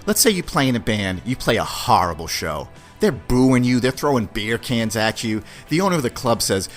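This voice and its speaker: Fairly low in pitch and fairly bright, this man hosts his podcast in a very animated way, bluntly sharing opinions with slang and swearing while acting out quick-voiced mini dialogues. Soft music plays in the background.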